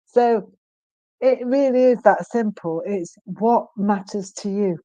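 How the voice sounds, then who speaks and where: A woman in her fifties, a guest in an interview, speaking earnestly and emphatically with frequent pauses and restarts. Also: medium pitch, warm tone, no echo. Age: 50s. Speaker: guest, stroke survivor. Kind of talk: candid interview conversation.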